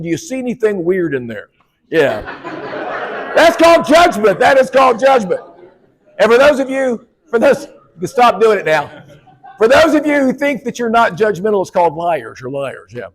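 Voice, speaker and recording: A man giving a humorous keynote speech at a conference, joking with and teasing the audience. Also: on the high side. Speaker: keynote speaker. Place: conference hall.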